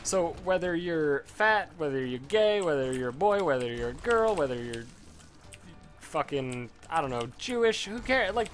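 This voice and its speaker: A man's voice: fairly high pitch, animated, normal speed, soft background music. A young man with a Chicago accent rambling and swearing through casual gameplay commentary. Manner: rambling, profane, frequent fillers. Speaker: let's play host.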